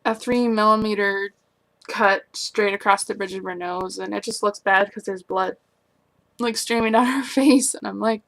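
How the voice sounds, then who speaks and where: A young adult woman talking through her worries in a personal vlog, rambling and anxious, often trailing off into quiet. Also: mid-range voice, fairly even intonation, normal speed. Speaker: vlogger.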